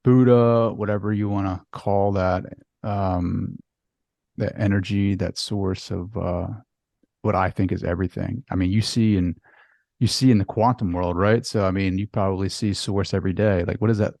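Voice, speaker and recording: A podcast host asking open questions in a relaxed, searching way, with many fillers. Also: low-pitched, moderate pace, gravelly, no echo. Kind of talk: casual interview questions.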